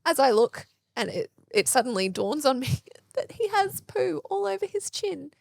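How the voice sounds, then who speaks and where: A woman in her thirties co-hosting a parenting podcast, telling stories in a casual, animated way and acting out the quoted lines. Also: high-pitched, moderate pace, gravelly. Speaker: podcast co-host. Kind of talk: casual chat.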